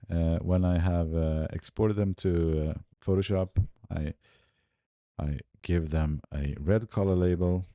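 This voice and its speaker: A man with a low voice works through a photo editing tutorial at a slow pace, describing each step and often muttering to himself. He sounds relaxed, and this screen-recorded clip has a dry sound.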